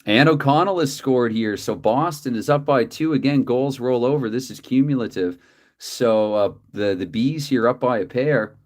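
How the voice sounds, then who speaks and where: A man at his home desk narrating a dice hockey game in play-by-play style, speaking at an ordinary middle pitch. He is conversational and stops often to correct himself or apologize to viewers. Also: normal speed, a little mellow. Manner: chatty, self-correcting, apologetic asides. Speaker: tabletop hockey game host.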